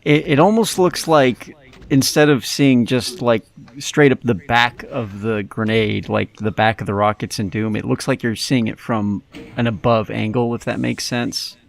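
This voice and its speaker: A man's voice: medium pitch, fairly even intonation, measured pace, vocal fry. A man co-hosting a let's play, talking casually about how the game makes him tense. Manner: jittery, admits being scared, groans. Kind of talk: casual gaming commentary.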